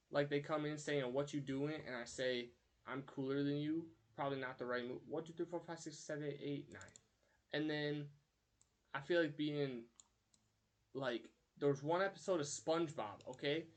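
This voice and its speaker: Young man rambling on a stream. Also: a little high. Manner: rambling storytelling, counting aloud while drawing. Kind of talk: casual live-stream chat.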